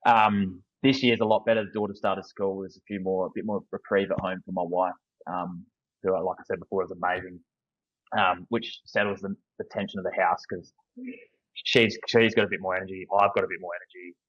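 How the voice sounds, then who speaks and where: A man's voice: low voice, little pitch movement, a little fast, fairly bright tone, highs cut off. An Australian man in his thirties, a football coach speaking as a guest in a casual interview, candid and earnest, often restarting his sentences.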